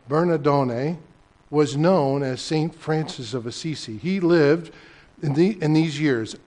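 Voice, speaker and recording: An older man preaching a sermon as pastor, telling a story and swinging between loud emphasis and hushed, almost whispered lines. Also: medium pitch.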